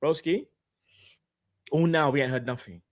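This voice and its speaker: A man's voice: on the high side, moderate pace. A young man co-hosting a casual football podcast, talking in a rambling way full of "like". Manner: rambling, lots of "like" fillers. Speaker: podcast co-host.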